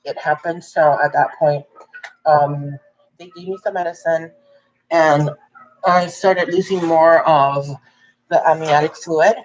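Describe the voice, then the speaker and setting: A young adult woman telling a personal story in a casual, chatty way, jumping up in pitch when she quotes people. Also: slow, highs cut off. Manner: chatty, animated when quoting others. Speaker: vlogger.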